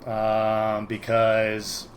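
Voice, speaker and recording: A man's voice: on the low side, monotone, drawn-out words, slight background noise, poor audio. A man co-hosting a podcast, casually recapping a sitcom episode, rambling with many ums and frequent laughs. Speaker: podcast co-host.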